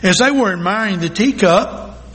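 A male pastor telling a story in a sermon, reading slowly and deliberately with dramatic pauses. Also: high voice, expressive, a bit bright. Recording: long hall reverb.

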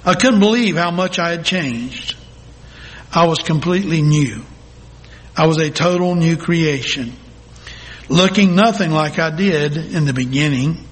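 A male pastor telling a story in a sermon, reading slowly and deliberately with dramatic pauses. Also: fairly high pitch, fairly bright tone. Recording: long hall reverb.

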